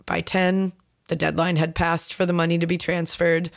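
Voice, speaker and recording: This woman co-hosts a true-crime podcast, casually walking her co-host through the details of a case with lots of fillers. Her voice is fairly low and gravelly, with little pitch movement and a moderate pace.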